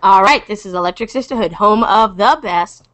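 A woman's voice: medium pitch, moderate pace, fairly bright tone. A woman hosting a casual podcast over an online call, playful and giggly, restarting the intro again and again. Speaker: podcast host.

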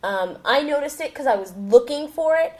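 A woman's voice: high voice, lively intonation, moderate pace. A woman co-hosting a casual chat, talking through a TV review with frequent ums. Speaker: podcast co-host reviewing a TV.

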